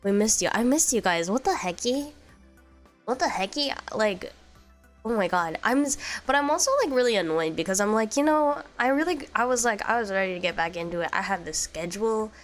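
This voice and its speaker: A woman's voice: medium pitch, expressive, fairly quick, soft background music. A young woman with a cold streaming casual chat, stuffy and nasal, bubbly and rambling. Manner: bubbly, rambling, switches between English and Japanese. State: congested from a cold.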